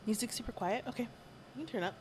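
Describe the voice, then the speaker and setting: A young woman streamer chats casually with her audience in a high, light voice. She rambles through her story with restarts and fillers, gushing and giggling along the way. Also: fast, darkish tone, a little hiss or hum. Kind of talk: casual livestream chat.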